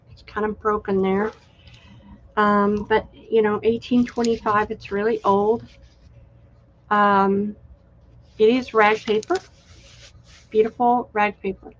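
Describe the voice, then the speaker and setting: A woman hosting a live-stream craft sale, chatty and unhurried, admiring each item as she shows it. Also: a little high, dull audio. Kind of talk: live-stream sales chat.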